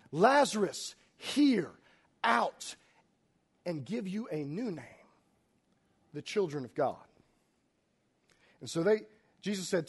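A man preaches a sermon, reading scripture aloud and explaining it while swinging between hushed and loud delivery. His voice sits high and is slightly rough.

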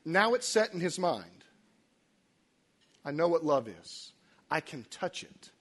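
A middle-aged man preaching a sermon, emotional and storytelling, dropping to quiet, near-whispered lines at tender moments. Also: a little high, big pitch swings, slow, breathy edge. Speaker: pastor.

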